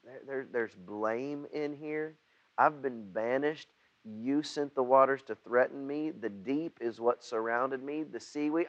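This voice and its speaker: A man preaching a sermon to his church. He halts and repeats words, then gets loud when he acts out prayers. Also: medium pitch, unhurried, lo-fi sound. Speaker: pastor.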